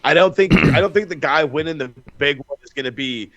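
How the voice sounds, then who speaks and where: Man, podcast co-host, fairly high, bright forceful voice, swearing casual chatter, dry close mic. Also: brisk, no echo. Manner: profane, animated storytelling with frequent restarts. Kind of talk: casual wrestling chat.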